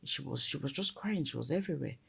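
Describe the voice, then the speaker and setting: A middle-aged woman with a notably low voice shares stories in a soft, unhurried conversational manner. Her voice often sinks almost to a hush. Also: lively intonation, creaky, husky. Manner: soft-spoken, drops to near whisper. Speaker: parenting podcast co-host. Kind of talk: casual conversational storytelling.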